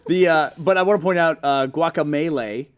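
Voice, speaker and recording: A man hosting a gaming podcast, rambling and joking in casual chat. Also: a little high. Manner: fast, rambling, jokey asides. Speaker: podcast host.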